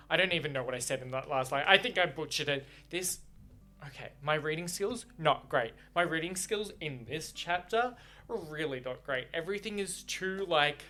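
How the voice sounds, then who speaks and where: Young man, book reaction, effusive, rambling, bright tone. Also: a little high, animated, normal speed. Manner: effusive, rambling, emotional, swearing. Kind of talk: reading aloud and reacting.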